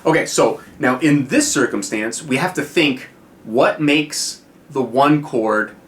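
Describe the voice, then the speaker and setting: This guitar teacher from the United States has a mid-range, fairly bright voice and takes his time. His video lesson is casual and chatty, packed with fillers and frequent "right?" check-ins.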